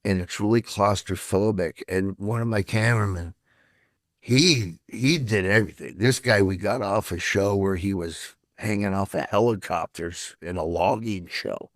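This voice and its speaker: Animated man telling a story. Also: on the low side, normal speed, dry recording, clean studio sound. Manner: animated, swears casually. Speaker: TV show host telling a story as a guest. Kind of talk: casual storytelling chat.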